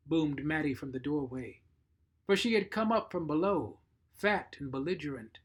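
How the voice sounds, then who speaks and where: A man reading a short story aloud, measured and expressive. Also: a little high, slightly rough. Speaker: narrator.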